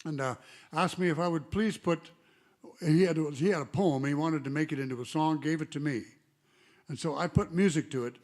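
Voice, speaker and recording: A singer-songwriter chatting and rambling between songs at a live concert, telling stories with trailing asides. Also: male voice, on the high side, brisk, a little mellow. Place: live arts venue stage. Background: guitar.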